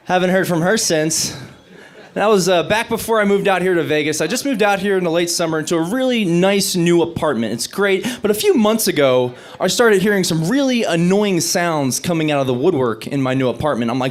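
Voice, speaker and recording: A young man doing a stand-up comedy set on stage, delivering dry punchlines between lively bits. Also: high voice, fairly quick.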